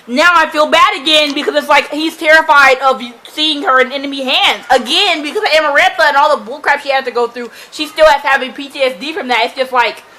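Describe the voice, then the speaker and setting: A woman reacting to a book in a casual vlog, her voice high and bright. She is chatty and excitable and leans on "like" constantly. Her tone stays sharp and lively throughout. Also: fast talker, hardly any pauses. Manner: excitable and chatty, heavy use of "like". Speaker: book vlogger.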